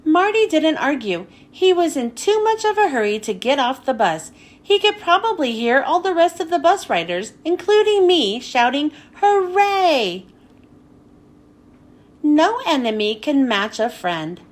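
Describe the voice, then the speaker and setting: Reading a children's picture book to listeners at a normal speed, a woman uses a bright, high voice. She tells the story with lots of animation and expression, her pitch rising and falling all the time.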